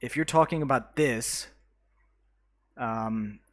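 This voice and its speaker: A man streaming a city-building game live, rambling easily to his chat with lots of fillers and false starts. His voice sits at an ordinary middle pitch for a man, and he stops to greet viewers by name as they pop in. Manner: chatty and halting, full of uh and restarts.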